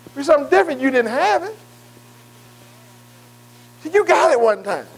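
A man's voice: extremely high pitch, big pitch swings, normal speed, low-quality recording. A man preaching a sermon in call-and-response style, emphatic and repetitive, often asking the congregation questions and stretching key words.

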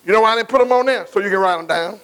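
With a high-pitched, fairly bright voice, this pastor calls out to his congregation during a sermon, stretching scripture quotes and sprinkling in folksy remarks. The recording quality is low.

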